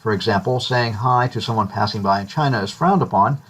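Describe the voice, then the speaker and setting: Husky-voiced man lecturing. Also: on the low side, a little fast. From United States. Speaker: instructor. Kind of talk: recorded lecture narration.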